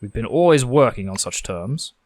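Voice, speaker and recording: A man's voice: medium pitch, expressive, moderate pace, a little mellow, no echo, close to an everyday voice. Aussie guy reading a grim sinister stranger, clipped and cold, dry sound. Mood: stern. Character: stern sinister man, cold and angry.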